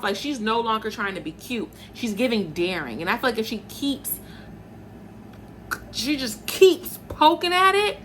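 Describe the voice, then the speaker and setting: Chatty opinionated woman host, bright voice. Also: on the low side, a little hiss or hum. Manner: chatty, opinionated, addresses viewers as y'all. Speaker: host and journalist. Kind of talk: casual chat to viewers.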